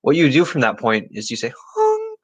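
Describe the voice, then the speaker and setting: A man answering viewer questions on a casual live stream, chatty and halting, with many restarts and repeated words. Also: mid-range voice, fairly bright tone, breathy edge, rough recording. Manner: chatty, talks directly to chat viewers.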